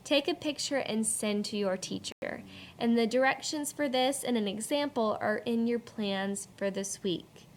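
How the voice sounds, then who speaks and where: A woman teacher giving a slow, clearly paced reading lesson to children from home. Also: a little high, a little hiss or hum. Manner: slow, clear teacherly delivery, stretching key words.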